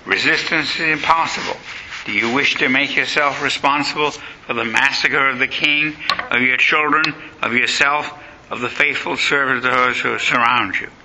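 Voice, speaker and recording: A man voicing a cold, urgent male law officer who warns a king to flee, with a gravelly voice. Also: medium pitch, normal speed, noisy background, close to an everyday voice. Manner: urgent, coldly warning.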